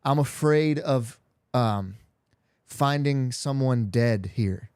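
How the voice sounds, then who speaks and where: A man talks casually as a pastor co-hosting a podcast, often breaking into laughter as he reads viewer comments. His voice sits at an ordinary pitch. The sound is dry and close. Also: slow, darkish tone, smooth, no room sound. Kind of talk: casual chat.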